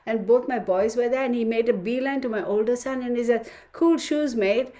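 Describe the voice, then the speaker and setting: This middle-aged tarot livestream host has a fairly high voice and talks fast. She chats casually with her audience, telling stories with excitable energy.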